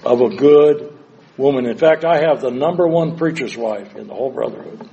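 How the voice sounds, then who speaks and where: An older man preaching a sermon, moving between hushed, slow passages and loud, dramatic cries. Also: mid-range voice, vocal fry.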